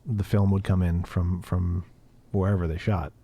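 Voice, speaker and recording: A man with a low, mellow voice, chatting easily as a podcast co-host. His sound is dry and close, with no room in it. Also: little pitch movement, moderate pace, breathy edge, no room sound. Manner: easygoing, brief replies. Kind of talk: casual chat.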